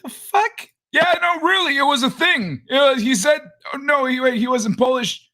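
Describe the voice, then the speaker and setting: Guy hosting a late night stream, high bright voice, rambles and jokes w/ chat. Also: normal speed. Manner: rambling, jokey, greets chatters by name. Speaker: livestream host. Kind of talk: casual livestream chat.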